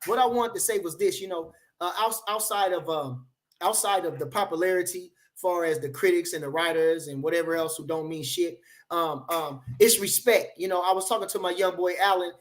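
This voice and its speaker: A man hosting a boxing channel livestream, reading the chat and trash-talking loudly and profanely, with many "you know" fillers. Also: high voice, brisk. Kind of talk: livestream rant.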